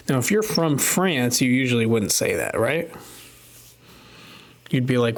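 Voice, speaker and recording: Guy streaming a game at home, slow and mumbly, thinking out loud into his desk mic. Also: medium pitch, expressive. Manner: slow, thinking aloud, muttering to himself. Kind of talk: casual live-stream commentary while gaming. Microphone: desk microphone.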